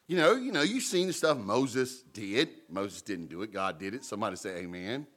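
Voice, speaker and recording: A man's voice: lowish voice, expressive, normal speed, fairly bright tone. Man preaching a casual storytelling sermon. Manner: conversational storytelling preacher, paraphrasing scripture casually. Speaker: pastor. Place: church.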